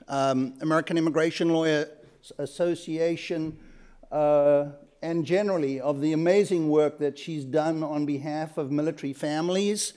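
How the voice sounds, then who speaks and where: A man in his fifties with a South African accent, moderating a law school panel, introducing speakers and telling his own story in a halting, earnest way with many fillers. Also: on the high side, darkish tone. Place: lecture hall.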